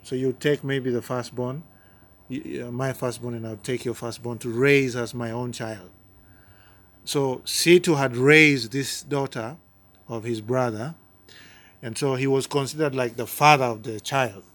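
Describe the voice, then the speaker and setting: A man's voice: mid-range voice, steady tone, unhurried, a bit bright. A man from Uganda, a pastor giving his personal testimony in an interview, speaking earnestly and often repeating or restarting his words.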